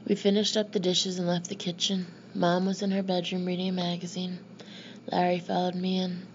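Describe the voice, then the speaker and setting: A woman narrating an audiobook in the first person, with plain, steady storytelling. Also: on the low side, fairly quick. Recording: slightly muffled with faint hiss.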